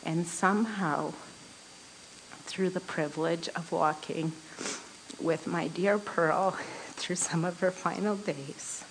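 A woman speaks slowly and unhurriedly, sharing a personal devotional story with a women's group. Her voice sits a little low for a woman. She is earnest and often breaks into a soft laugh mid-sentence. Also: fairly even intonation, a little hiss or hum, rough recording.

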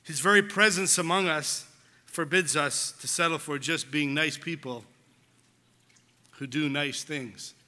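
A man's voice: on the high side, unhurried, sharp tone. A man preaching a sermon as pastor, earnest and telling a story with quoted voices. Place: church hall. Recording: long church hall reverb.

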